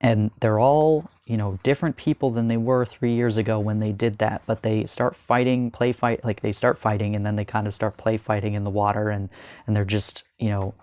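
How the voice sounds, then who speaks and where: Young guy rambling about a manga he loves, lots of ums, lowish voice, dry close sound. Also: little pitch movement, a little mellow, clear, resonant tone, dry recording. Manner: earnest, halting, many ums and restarts. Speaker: manga discussion vlogger. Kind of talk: casual spoken review.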